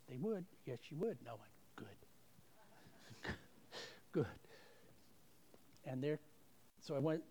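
A man's voice: on the high side, mellow. A man giving a folksy, self-deprecating testimony at a church service, acting out the voices in his stories. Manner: folksy, self-deprecating storyteller who acts out quoted voices. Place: church service, streamed online.

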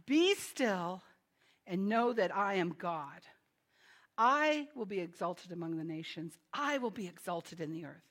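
A woman preaching a sermon in a conversational, animated way, with dramatic pauses and quick laughing asides. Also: mid-range voice.

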